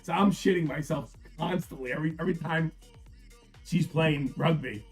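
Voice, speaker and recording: A man's voice: fairly high pitch, normal speed, faint music behind. A middle-aged man hosting a live stream, talking casually and bluntly, swearing freely, telling stories and chatting with viewers by name. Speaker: live card-break stream host.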